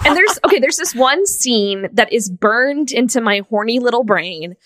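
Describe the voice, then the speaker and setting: A woman's voice: on the high side, expressive, unhurried, fairly bright tone, no echo. Giggly, gushing podcast host woman. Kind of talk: casual chat.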